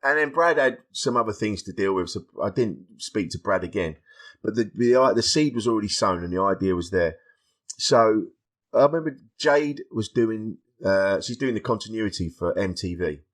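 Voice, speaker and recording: A middle-aged man, speaking in a fairly low register. He is a stand-up comedian guesting on a podcast, recounting his life candidly and acting out bits of dialogue. His tone is frank and self-deprecating. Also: lively intonation, normal speed. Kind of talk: candid conversational storytelling.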